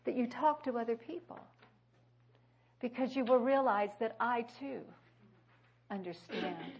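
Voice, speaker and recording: A woman delivers a sermon in a husky, breathy voice pitched a little high. She swings between strong, ringing declarations and soft, near-whispered moments as she tells personal stories. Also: muffled recording. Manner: emphatic, swings between loud declarations and hushed quoted speech. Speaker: preacher.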